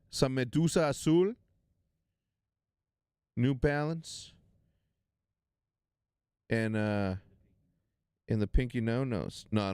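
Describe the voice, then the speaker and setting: Streamer, man in his 40s, unhurried, dry close sound, rambling casual host. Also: a little high, a little mellow, clear, resonant tone, dry recording. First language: Spanish. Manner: loose, rambling, swears, repeats words. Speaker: streamer hosting a watch party. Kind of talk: casual live-stream chat.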